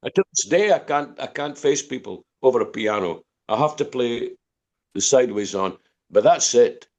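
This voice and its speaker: A man's voice: medium pitch, animated, normal speed, darkish tone. Older Scottish man telling stories. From Scotland, Dundee. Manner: rambling storyteller, repeats words and restarts. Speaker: guest musician. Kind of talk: podcast interview.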